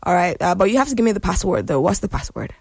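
A woman's voice: fairly low pitch, sing-song, fast talker, vocal fry, slightly rough, no room sound. A woman hosting a morning radio phone-in, bubbly and playful, teasing callers and sometimes slipping into a sing-song lilt. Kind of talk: lively morning radio call-in chat.

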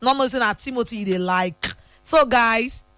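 A woman's voice: a little high, moderate pace, fairly bright tone, dry recording, soft background music. A young woman with a Nigerian accent, hosting a casual talk show, chatty and teasing with bits of Pidgin slang and frequent laughter. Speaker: radio host. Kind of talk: casual chat.

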